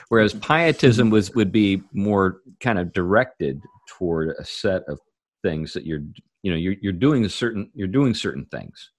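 A man hosting a casual discussion, tentatively thinking out loud. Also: low-pitched, lively intonation, measured pace, no room sound, clean studio sound.

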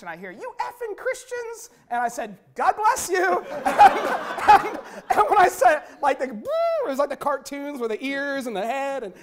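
A man who works as a street preacher, telling stories in a conversational interview, swinging from low and quiet to high and loud. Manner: conversational, many fillers and restarts. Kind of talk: storytelling in an interview.

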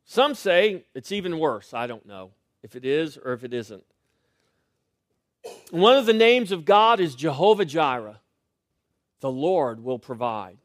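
A middle-aged male pastor preaching a sermon, swinging between loud rising lines and quiet, hushed refrains. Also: a little high, sing-song, a little slow, pauses often, no echo, clean studio sound.

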